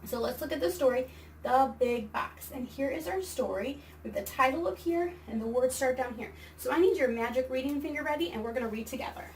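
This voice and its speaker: A woman with a high voice teaches a kindergarten class by video, sounding out words slowly and clearly for small children. She sits a little away from the mic. A faint hiss runs underneath. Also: recorded from a distance, low-quality recording. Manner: slow, exaggerated word-by-word reading for children. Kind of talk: virtual read-aloud and phonics lesson. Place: home or classroom, recording a video lesson.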